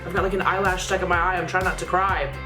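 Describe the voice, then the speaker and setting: A man reacting casually to a music video, chatty and gushing with lots of fillers, sometimes jumping higher when excited. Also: fast. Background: music playing faintly.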